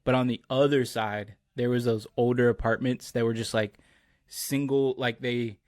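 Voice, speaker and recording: A podcast host with a mid-range voice talks at normal speed in studio-quality audio without echo. He's a laid-back storyteller chatting casually, with plenty of "like" and "bro" fillers.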